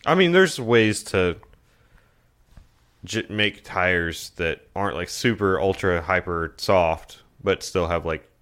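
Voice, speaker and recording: A man co-hosting a podcast in relaxed casual chat, laid-back and swearing freely. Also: low voice, takes it slowly. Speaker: podcast co-host.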